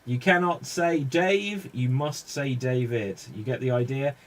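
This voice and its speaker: A man's voice: medium pitch, measured pace. A man with a British accent hosting a live improv comedy show, announcing scenes and explaining game rules in an upbeat way.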